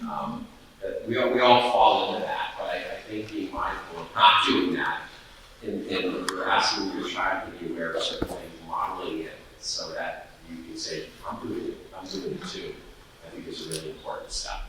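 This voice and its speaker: A man's voice: low-pitched, fairly even intonation, moderate pace, background noise. A man on a community panel, speaking thoughtfully and hesitantly. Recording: echoey hall from far off.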